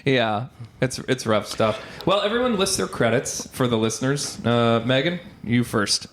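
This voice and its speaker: A man's voice: mid-range voice, expressive, normal speed, a little hiss or hum. A man hosting a comedy podcast, teasing his guests in rambling, joking chat, close on a headset mic. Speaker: podcast host.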